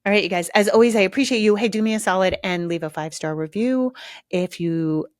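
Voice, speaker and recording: A woman's voice: medium pitch, fast, no room sound, studio quality. A middle-aged woman hosting a parenting podcast, talking casually and emphatically to listeners and laughing often. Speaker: podcast host, parenting advice. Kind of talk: casual solo podcast talk.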